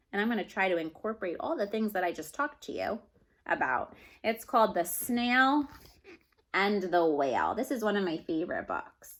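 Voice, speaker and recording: A woman's voice: mid-range voice, fairly bright tone. A woman teacher giving a reading lesson to children, talking expressively and often checking in with "okay?".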